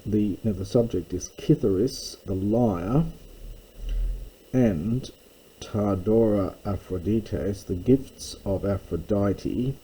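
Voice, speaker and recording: A man teaching a text line by line, slow and careful, with frequent ums and uhs. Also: lowish voice, mellow, slight background noise, rough recording. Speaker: Greek tutor. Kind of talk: line-by-line lecture.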